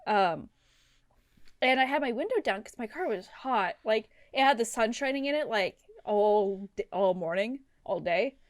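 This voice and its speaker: A young woman co-hosting a podcast, rambling through a story in casual chat, full of "like"s and deadpan asides. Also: mid-range voice, moderate pace, no room sound, studio quality. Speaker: podcast co-host.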